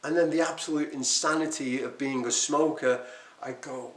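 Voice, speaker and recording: A man speaks straight to the camera, animated and emphatic, poking fun at his old habits. His voice sits at an ordinary middle pitch. The room gives it a noticeable echo. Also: moderate pace. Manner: animated, emphatic, self-deprecating. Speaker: quit-smoking coach and vlogger. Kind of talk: unscripted talk to camera. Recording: echoey room.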